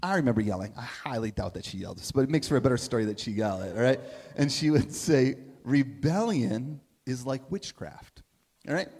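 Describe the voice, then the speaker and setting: A man's voice: mid-range voice, animated, rapid-fire, a little mellow. A middle-aged man giving a sermon as a pastor, telling stories in a conversational way and asking "right?" often. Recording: long reverb of a big hall.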